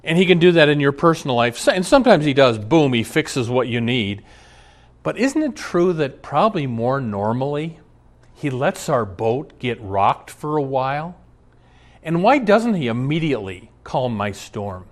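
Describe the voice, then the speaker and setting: A man's voice: medium pitch, very animated, normal speed. A man preaching a sermon, telling stories with emphasis and occasional laughs. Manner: storytelling, emphatic, frequent laughs. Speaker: pastor.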